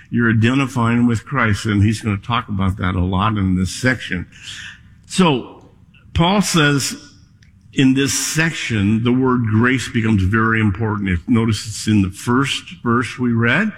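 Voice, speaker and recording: A male pastor preaching a sermon in a church, slow and deliberate, leaning on key words. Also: medium pitch, slightly rough. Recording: long hall reverb.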